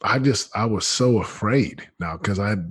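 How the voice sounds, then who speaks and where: A man in his thirties telling his story as a podcast guest, earnest and animated, often acting out what he said. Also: fairly low pitch, moderate pace, husky, no room sound, studio quality. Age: 30s. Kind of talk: candid storytelling.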